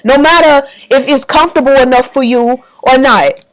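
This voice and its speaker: A woman's voice: high-pitched, moderate pace. A woman giving an impassioned religious monologue to camera, emphatic and repetitive, audibly emotional. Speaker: faith vlogger.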